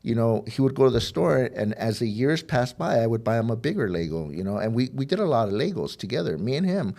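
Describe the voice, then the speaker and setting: A man recounts his recovery on a podcast, speaking candidly with many fillers and restarts and voicing the dialogue as he goes in this heartfelt personal story. He talks fast and very animatedly, his medium-pitched voice dark with vocal fry.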